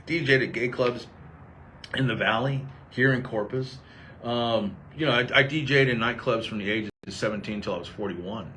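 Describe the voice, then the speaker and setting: A middle-aged man from Texas hosting a show, telling stories in a casual, animated way and acting out quoted voices. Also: mid-range voice, normal speed, a little hiss or hum. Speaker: host. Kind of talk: casual storytelling chat.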